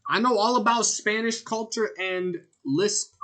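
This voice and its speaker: Higher-voiced male streamer, rambling. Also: unhurried. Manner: rambling, jokey, loud outbursts answering chat. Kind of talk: casual gameplay commentary.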